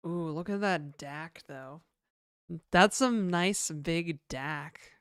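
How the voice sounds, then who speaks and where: Woman streamer rambling to chat while she codes, lowish smooth voice, dry close mic. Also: slow, dry recording. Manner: rambling, chatty, swears casually, reacts to chat. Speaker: game dev streamer. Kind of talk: casual livestream chat.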